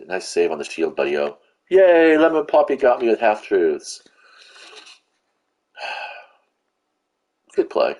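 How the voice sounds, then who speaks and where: A man with a low, slightly mellow voice hosts a gaming channel and comments live as he plays. His talk is profane and rambling, full of restarts and fillers as he vents frustration.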